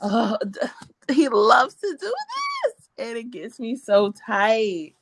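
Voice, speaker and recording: A woman's voice: fairly high pitch, expressive, slow pace, slight background noise. A woman co-hosting a podcast, recapping a reality show in casual chat with sassy, laughing commentary. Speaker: podcast co-host.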